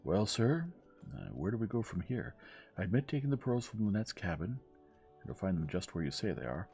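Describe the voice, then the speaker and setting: A man reading gently, voicing a young man who talks in a casual, plain-spoken way. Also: fairly low pitch, sing-song, moderate pace, gravelly, soft background music, voice pushed up. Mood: defiant. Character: young man, wry and cornered.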